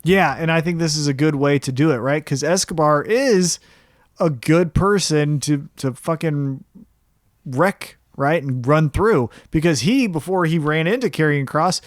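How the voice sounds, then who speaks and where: Man, podcast co-host, fairly high voice, laid-back, dry sound. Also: unhurried, dry recording. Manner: laid-back, swears, thinks out loud. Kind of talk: casual wrestling analysis chat.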